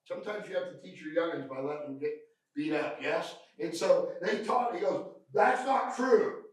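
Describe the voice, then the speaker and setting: A man with a Southern American accent running a lively training session, joking and quizzing his audience. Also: a little high, normal speed. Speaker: refrigeration trainer. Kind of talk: lively live training talk. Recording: echoey room, mic at a distance.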